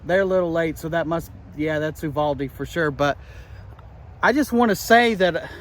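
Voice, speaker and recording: A man giving a rambling, deadpan comic monologue as a rally eyewitness, outdoors with traffic passing. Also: a little high, normal speed, low-quality recording. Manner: rambling, deadpan, breaks into shouted slogans and gun-sound noises. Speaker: comedian playing a rally eyewitness. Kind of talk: deadpan satirical character monologue.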